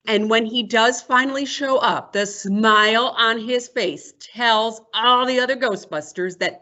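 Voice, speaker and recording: Woman, librarian, slow expressive storytelling, bright tone, muffled lo-fi audio. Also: on the high side. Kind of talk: picture book review with read-aloud summary.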